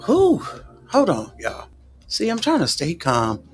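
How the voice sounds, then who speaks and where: A woman's voice: fairly low pitch, slow, faint music behind. A woman doing casual livestream commentary, sassy and indignant, answering viewers' comments. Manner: animated, sassy and indignant, talks back to viewers.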